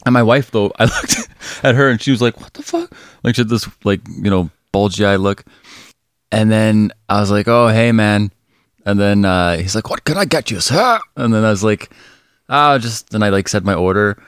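Male podcast co-host, lower voice, rambling casual storyteller, laughs and swears, dry recording. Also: moderate pace, clean tone, no echo.

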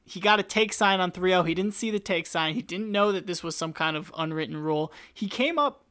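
Bright, smooth-voiced podcast host. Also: male voice, sits high, a little fast. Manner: chatty, opinionated, self-deprecating. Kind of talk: casual chat.

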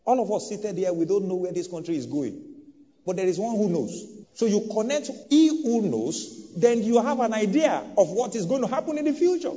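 Pastor preaching in an echoing hall. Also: male voice, very animated, normal speed. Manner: preaching with bold swings of pitch and loudness. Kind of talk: sermon. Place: church hall. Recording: dull sound with long hall reverb.

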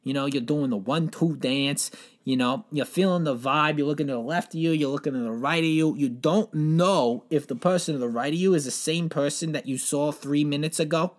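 Man, slightly higher voice, deadpan rambling comic storyteller who swears and acts out frantic quotes. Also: a little fast. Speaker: comedic storyteller. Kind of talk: absurd improvised comedy monologue.

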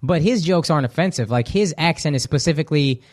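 A man's voice: fairly high pitch, a little mellow. A young adult man, a guest comedian, telling candid stories in casual podcast chat. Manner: candid, storytelling, quick asides.

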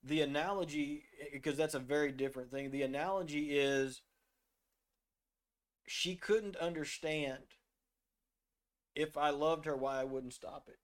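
A middle-aged man talks about faith in an earnest, storytelling manner, his voice sitting a little above the usual male pitch. He now and then reads scripture aloud in the same conversational way. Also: a little slow, pauses often. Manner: earnest, storytelling, drops to a soft voice when quoting himself. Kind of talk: faith discussion, reading scripture.

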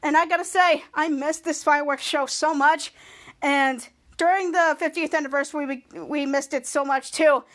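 Excitable high-voiced woman podcast host. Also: normal speed. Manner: excited, acts out character lines in a raised voice. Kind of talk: casual TV episode recap.

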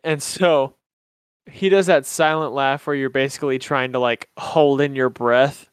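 Animated young man telling a funny story. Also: mid-range voice, unhurried, clean tone, no echo, studio quality. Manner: animated storyteller, laughs often, acts out voices. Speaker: podcast co-host. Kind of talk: casual chat, storytelling.

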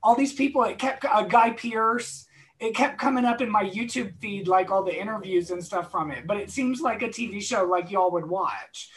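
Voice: medium pitch, moderate pace, a little hiss or hum, rough recording. Chatty, rambling podcast guest. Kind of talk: casual podcast chat.

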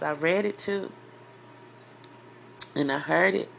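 A woman's voice: mid-range voice, slow, vocal fry, fairly bright tone, slight background noise. A woman preaching an informal sermon, emotional and near tears, rising into impassioned, emphatic outbursts.

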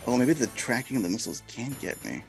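A man with a gravelly, rough-edged voice hosts a casual gameplay livestream, his pitch jumping all over as he reacts. He gets excitable and swears loudly at the game. Game music plays behind him. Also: fast. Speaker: livestream host playing a game.

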